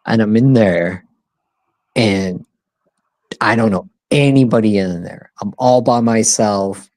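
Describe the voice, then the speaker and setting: A man's voice: lowish voice, darkish tone, dry recording. A man in his thirties telling a rambling, profane story in casual podcast chat, acting out the voices of people he quotes. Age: 30s. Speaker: podcast co-host.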